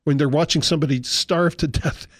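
A male pastor delivering a sermon with animated, humorous storytelling and impressions. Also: a little high, a little fast, no echo.

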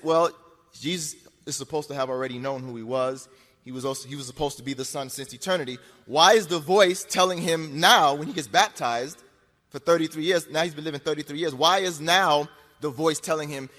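Addressing an audience in a hall with long reverb, a man lectures argumentatively, insistent and repetitive, pressing his points with rhetorical questions. His voice is on the high side and a bit bright.

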